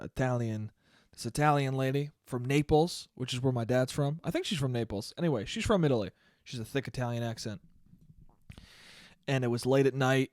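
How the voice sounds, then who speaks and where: A young man hosting a solo podcast, telling stories in a sarcastic, animated way and mocking people with quoted voices. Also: mid-range voice, clear, resonant tone, no room sound, studio quality. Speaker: podcast host. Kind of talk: solo comedic podcast rant.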